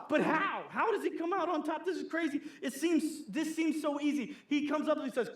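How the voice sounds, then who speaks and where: Animated high-voiced preacher, echoey church. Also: male voice, brisk, few pauses. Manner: animated, acts out gossiping church members in playful voices. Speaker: pastor. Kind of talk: sermon.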